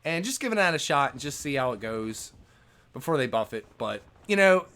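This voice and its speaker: A man's voice: medium pitch, a little fast. A man, a gaming YouTuber, ranting casually to his viewers in a loose, conversational way. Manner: animated, conversational, lots of "man" and "you know".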